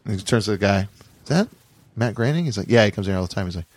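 A man's voice: on the low side, animated, rapid-fire, slightly rough, no echo. A man co-hosting a podcast, telling a rambling anecdote in casual chat. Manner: rambling anecdotes full of fillers and restarts.

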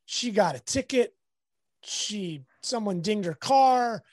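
A man, a sports photographer, telling a candid anecdote with lively asides in a casual interview. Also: high voice, takes it slowly, no echo.

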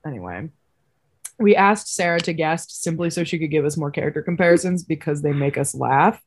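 A young woman co-hosting a casual podcast over a video call, telling a rambling, animated story. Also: sits low, a little fast, slightly rough. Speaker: podcast co-host. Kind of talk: casual chat.

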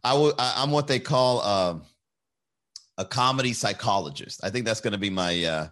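A man's voice: fairly low pitch, moderate pace, fairly bright tone. Profane, rambling male comedian. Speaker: stand-up comedian. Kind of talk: casual livestream storytelling.

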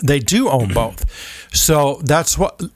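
A man co-hosting a food podcast in a small studio, chatting in a relaxed, rambling way with many fillers. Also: fairly high pitch, takes it slowly, dry recording. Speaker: podcast co-host. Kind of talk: casual chat.

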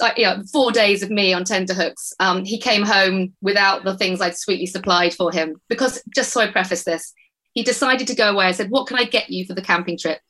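Woman, middle-aged, casual podcast chat, animated storyteller, mid-pitched voice. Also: rough recording. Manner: animated storytelling, acting out family dialogue. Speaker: podcast panelist.

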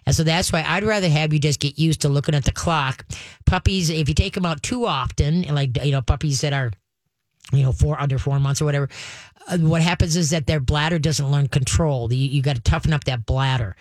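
A man's voice: on the high side, fairly quick, no room sound. An older man hosting a call-in radio show, giving dog training advice in a folksy way and often addressing listeners as "folks". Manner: folksy, repeats "folks" and chants commands.

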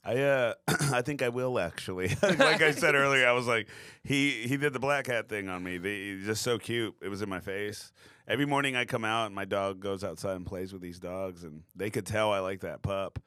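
Low-voiced comedian, a little high, rambling and laughing, dry close sound. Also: male voice, brisk, sharp tone, smooth, no echo. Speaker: comedian podcast co-host. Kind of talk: casual chat.

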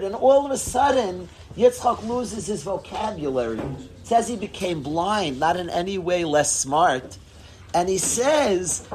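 A man teaching a Torah class in a casual lecture, expressive, swinging between low tones and loud bursts. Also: a little slow, a little hiss or hum. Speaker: rabbi teaching students.

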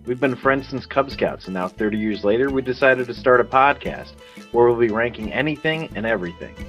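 A man's voice: mid-range voice, animated, fairly quick, dull audio, soft background music. Rambling man hosting a podcast. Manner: rambling, laughs often, restarts a lot. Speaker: podcast host. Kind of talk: casual podcast chat.

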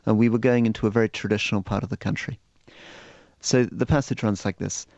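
Brief: male author, low gravelly voice, measured storyteller, dull dry studio sound. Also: steady tone, darkish tone, dry recording. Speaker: author and guest. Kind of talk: radio interview and book reading.

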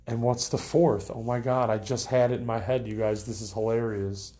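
A man's voice: medium pitch, flat delivery, normal speed, warm tone. Rambling young man telling stories. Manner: rambling, many fillers and restarts. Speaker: vlogger. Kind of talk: casual storytelling to camera.

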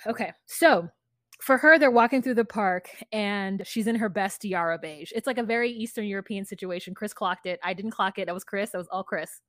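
A woman's voice: medium pitch, brisk, fairly bright tone, no echo. A woman in her thirties co-hosting a podcast, chatting casually and frankly about reality TV. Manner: frank, blunt opinions with a laugh. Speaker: podcast co-host. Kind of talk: casual chat recapping reality TV.

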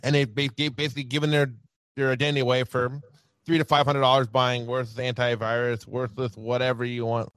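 A man appearing as a podcast guest, talking in an animated casual way, laughing often and tagging sentences with "right" and "you know". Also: mid-range voice, brisk, clear, resonant tone, dry recording, studio quality. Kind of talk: casual chat.

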